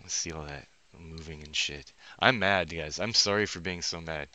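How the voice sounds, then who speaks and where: This vlogger's voice is a rumbling low, bright and forceful, at a moderate pace with no room sound. He wanders through a profane monologue, thinking out loud, interrupting himself and leaving sentences unfinished.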